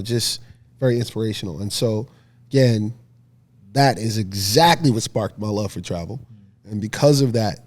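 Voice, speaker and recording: A man in his thirties from Philadelphia, a podcast guest telling a story in a lively, laughing way. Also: on the low side. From Philadelphia, USA. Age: 30s. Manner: lively, laughing storyteller who acts out scenes. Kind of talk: casual storytelling interview.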